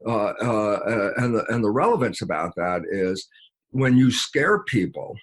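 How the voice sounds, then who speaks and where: A man being interviewed, explaining at length in an animated way, often acting out both sides of a dialogue with himself and chuckling mid-sentence. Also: on the low side, unhurried. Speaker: interview guest.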